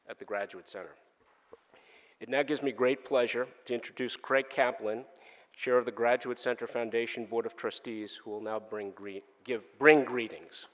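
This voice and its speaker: A man, a university administrator, giving a measured formal welcome and introductions. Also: mid-range voice, fairly bright tone. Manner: measured, announcing. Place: large auditorium. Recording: long reverb of a large hall.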